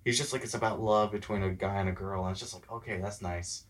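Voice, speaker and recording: A young man from Texas chatting as an interview guest, telling animated stories and acting out the voices of people he quotes. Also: fairly low pitch, rapid-fire. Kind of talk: casual interview chat.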